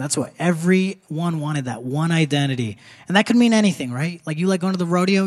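A man's voice: on the high side, lively intonation, a little fast, big-room sound. A young man doing a stand-up set, punchy and conversational, laughing through his jokes. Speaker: stand-up comedian. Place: theater stage before a live audience. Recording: live theater crowd noise.

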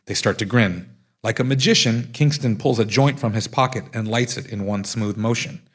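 Husky man reading his own memoir. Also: fairly low pitch. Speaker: author.

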